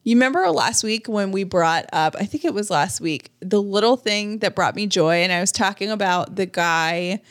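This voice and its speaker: A woman co-hosting a podcast, speaking at a middling pitch in an easygoing, chatty way. She tells everyday stories in a relaxed conversational tone. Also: normal speed, few pauses. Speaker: podcast co-host. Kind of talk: casual chat.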